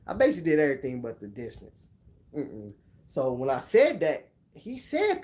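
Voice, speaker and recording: A man's voice: a little high, wildly swooping pitch, normal speed, darkish tone. A man casually telling a personal story on his channel, laid-back and full of slang. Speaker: vlogger.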